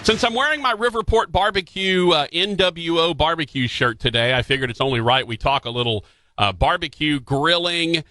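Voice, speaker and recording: A male radio host with a fairly high, bright voice talks casually into a dry studio microphone. He rambles and restarts his questions, leaning on fillers as he goes. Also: normal speed, dry recording, faint music behind. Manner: chatty, frequent restarts and fillers.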